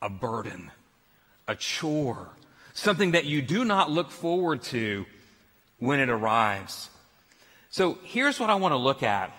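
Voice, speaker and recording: A man's voice: on the high side, measured pace, big-room sound. A man preaching a sermon as pastor, telling stories with laughs. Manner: storytelling, animated with laughs.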